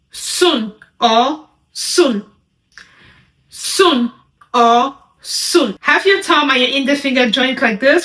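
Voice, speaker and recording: A woman teaching sign language, naming each sign and repeating it slowly as she demonstrates. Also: high voice, bright, forceful tone, reverberant.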